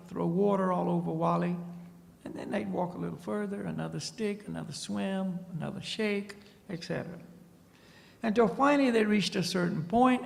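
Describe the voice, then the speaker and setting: A male spiritual teacher tells a story while lecturing to an audience in a large hall, speaking in a high voice with vocal fry. He often tags his points with a questioning "see?"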